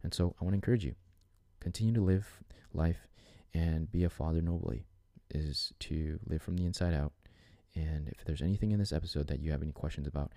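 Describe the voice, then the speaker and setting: A man with an extremely deep, dark voice hosts his own podcast, speaking earnestly and reflectively. His talk meanders, full of restarts and fillers. The recording is dry and close. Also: fairly quick, gravelly, no room sound. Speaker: podcast host. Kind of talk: reflective solo podcast monologue.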